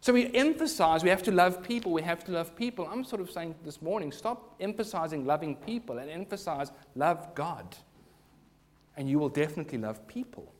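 A man's voice: fairly high pitch, lively intonation, brisk. A man preaching a sermon to his congregation in church, earnest and rising to emphatic bursts. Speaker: pastor.

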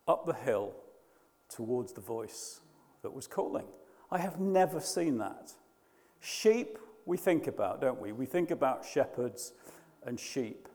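Hesitant preacher in a reverberant hall. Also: male voice, mid-range voice, a little mellow. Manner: hesitant, frequent restarts and fillers. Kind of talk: sermon.

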